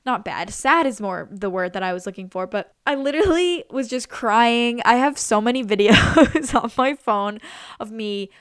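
A woman's voice: on the high side, expressive, normal speed, clear, resonant tone, no room sound, clean studio sound. A woman of twenty-three chatting casually and gushing about what she has watched, full of "like" and "literally". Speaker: vlogger. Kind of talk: casual chat.

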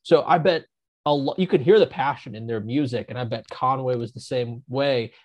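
A man's voice: mid-range voice, normal speed, a little mellow, highs cut off. Rambling man telling stories. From northern Ohio, United States. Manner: rambling storyteller, many restarts. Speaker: podcast co-host, former reporter. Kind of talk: casual chat.

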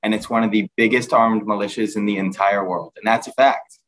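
A man's voice: lowish voice, fairly even intonation, fairly quick, a bit bright, low-quality recording. A young Texan man co-hosting a casual podcast, brash and joking, saying dude a lot. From Texas. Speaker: podcast co-host. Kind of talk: casual chat.

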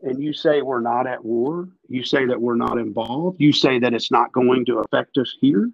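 A man's voice: mid-range voice, moderate pace, gravelly, no echo, highs cut off. A man hosting a podcast, talking in an emphatic, profane, ranting way. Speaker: podcast host. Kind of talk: casual political chat.

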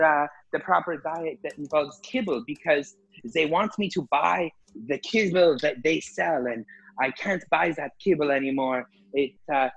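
A man voicing a nosy, pushy woman dog owner who talks bluntly, in a higher sing-song voice. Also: creaky, fairly bright tone, husky, exaggerated voice, low-quality recording.

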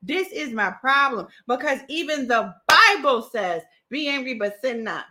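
A woman hosts a podcast and tears into a book with sarcastic, mocking commentary, laughing as she goes. Her voice sits high and bright, and it swoops up and down with lively energy. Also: unhurried, slight background noise. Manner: mocking, animated, laughs at her own jokes. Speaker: podcast host.

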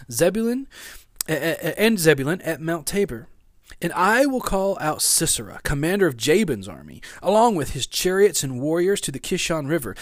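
Male reader as female prophet, solemn, a lift in pitch. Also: no room sound, studio quality. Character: commanding woman prophet and judge.

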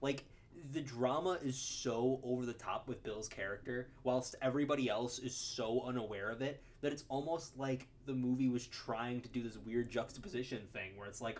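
A man co-hosting a podcast, talking about a film in a casual, animated way, laughing often and restarting his sentences. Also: medium pitch, normal speed, a little hiss or hum. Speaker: podcast co-host.

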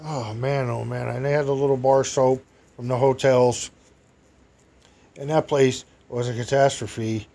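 A man's voice: medium pitch, flat delivery, unhurried, gravelly, dark tone. A man telling a rambling personal anecdote to an audience, chatty and meandering, breaking into exclamations and chuckles. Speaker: storyteller.

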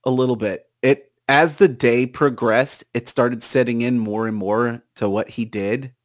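A young man in casual chat, telling a story in an animated way and acting out his friends' lines. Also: medium pitch, unhurried, no room sound, studio quality.

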